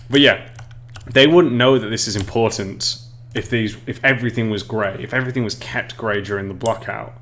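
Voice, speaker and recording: A man's voice: lowish voice, fairly bright tone, slight background noise. Chatty English man teaching on stream. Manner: chatty, reads chat aloud, frequent restarts and laughs. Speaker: streamer teaching level design. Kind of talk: casual live-stream tutorial.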